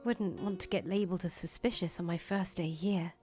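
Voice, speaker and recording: A woman's voice: on the low side, brisk, a little mellow, faint music behind, natural voice. A woman voicing an earnest young foreign traveler who talks chattily and stammers when she gets nervous, in a fan voice acting of a visual novel.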